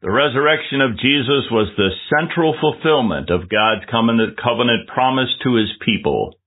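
A man preaching a measured, earnest sermon with scripture reading. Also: medium pitch, lively intonation. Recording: tinny phone-like lo-fi audio.

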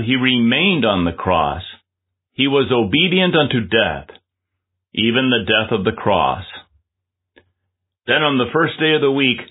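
A man preaching a measured, earnest sermon with scripture reading. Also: on the low side, breathy edge. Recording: tinny phone-like lo-fi audio.

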